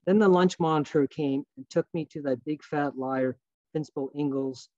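Man reading aloud, slightly high voice. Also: moderate pace, darkish tone, no echo, highs cut off. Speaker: author. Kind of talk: reading aloud from his novel.

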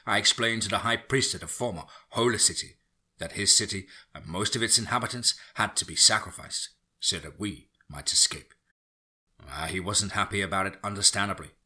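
A man narrating a first-person fantasy story for a podcast in a steady, unhurried reading. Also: sits low, husky.

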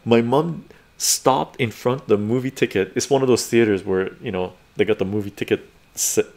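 A man's voice: mid-range voice, moderate pace, vocal fry, darkish tone. A man in his forties, a live stream host, telling a story casually, laughing often and swearing freely.

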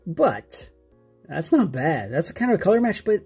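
A man's voice: on the high side, big pitch swings, normal speed, a little mellow, slightly rough, faint music behind. A man hosting a card-collecting channel, chatting casually and naming cards as he flips them. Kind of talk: casual pack-opening chat.

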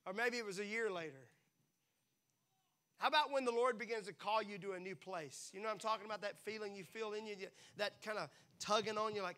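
A man preaching a sermon to a congregation, playful and animated, acting out quick little voices as he talks. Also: high voice. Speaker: pastor. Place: church.

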